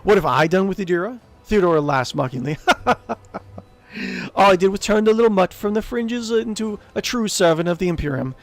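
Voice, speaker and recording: A man's voice: sits high, expressive, fast, hardly any pauses, faint music behind, pitched above the performer's own voice. A man voicing a vengeful ghostly noblewoman aunt, reading her lines with cold scorn and mockery. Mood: mocking. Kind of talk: reading game dialogue aloud.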